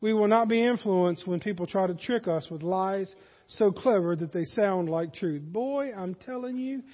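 A man's voice: high voice, moderate pace. A man preaching a sermon in a folksy manner that rises to emphatic peaks, heard in a church sanctuary. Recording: dull, hall reverb.

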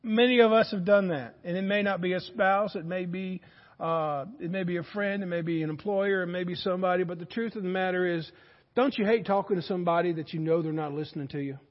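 Guy preaching a sermon, really high voice, big echoey church sound. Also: steady tone, fairly quick. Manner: folksy storytelling preacher, rising to loud emphasis. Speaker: pastor. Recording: dull sound with long hall reverb.

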